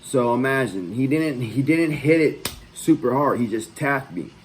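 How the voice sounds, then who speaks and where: Man, vlog host, casual storytelling, loose and profane, mid-pitched voice. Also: animated, unhurried, slight background noise, poor audio.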